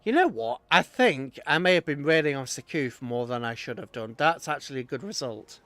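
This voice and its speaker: Lively man commentating a game live. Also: fairly high pitch, fairly quick, no echo, faint music behind. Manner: chatty, reacting aloud to the battle. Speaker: streamer.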